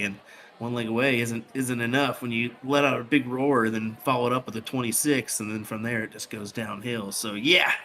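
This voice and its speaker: A man doing live darts commentary in a relaxed, chatty way. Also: mid-range voice. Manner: relaxed, chatty, laughs easily.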